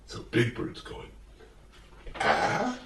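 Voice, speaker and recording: A man's voice: sits low, sing-song, unhurried, roomy sound, far from the mic, background noise. A man telling a comic story in a meandering way, full of fillers and self-corrections. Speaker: comedic storyteller.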